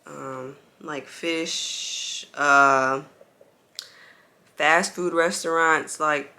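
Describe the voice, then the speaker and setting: A woman's voice: low-pitched, steady tone, very slow, pushed and bright. A young woman telling her story to viewers in a chatty, casual way, full of "like" fillers and calling them y'all, while bouncing on an exercise ball at home with a baby. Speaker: vlogger.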